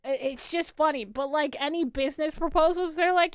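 A woman chatting casually about gaming news, mocking people with quick impressions and swearing freely. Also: high voice, no echo, studio quality. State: hiccups.

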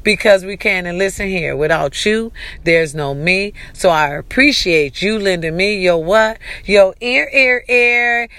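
An animated woman, chatting to her audience with a casual, encouraging energy. Her voice is bright and forward. The sound is close and dry, with no room echo. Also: fairly low pitch, unhurried, hardly any pauses. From California. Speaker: vlogger. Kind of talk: casual motivational talk to camera.

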